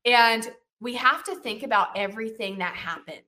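A woman teaching from the Bible, retelling the story in a chatty, animated way, full of "you know" and "like" and checking in with "right?" and "okay?". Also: a little high, moderate pace. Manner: animated retelling with lively emphasis.

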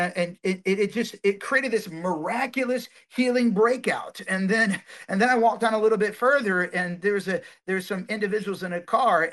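A man, a guest minister, telling stories in a podcast interview, animated and full of fillers and restarts. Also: sits high.

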